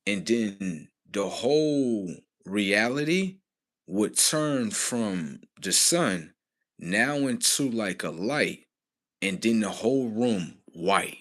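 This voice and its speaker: Expressive and slow, a man rambles on a casual livestream, profane and slangy, laughing often and swinging between loud outbursts and low mumbles.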